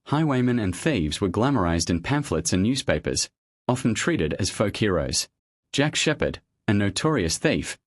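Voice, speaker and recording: A man giving scripted documentary narration in a measured, steady storytelling delivery. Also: on the low side, no echo, clean studio sound.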